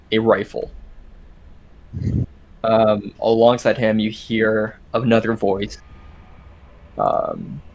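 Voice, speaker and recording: A man running a tabletop game, describing the scene in a fairly low voice. He often pauses with hesitant ums while he finds his words. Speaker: game master.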